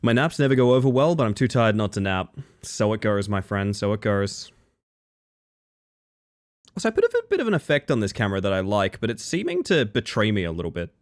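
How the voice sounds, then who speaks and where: A man's voice: mid-range voice, wildly swooping pitch, very fast, few pauses. A man from Western Australia chatting casually on a livestream at his desk mic, rambling and laughing often. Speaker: streamer.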